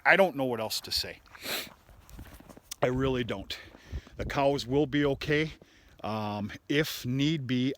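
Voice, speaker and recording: A man's voice: medium pitch, a bit bright. A man who raises cattle, talking casually and bluntly to camera on his farm, rambling and cursing mildly as he walks around. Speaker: cattle farmer. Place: outdoors on a farm.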